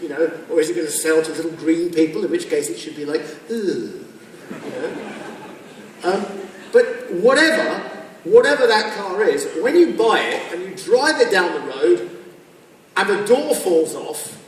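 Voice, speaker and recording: A man with a fairly high voice gives a jokey conference talk, acting out small scenes along the way. He is heard from a distance in a big hall that rings with long reverb. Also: lively intonation, unhurried, slight background noise. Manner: jokey, acts out little scenes with quoted voices. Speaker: keynote speaker. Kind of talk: humorous business talk. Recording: echoey hall from far off.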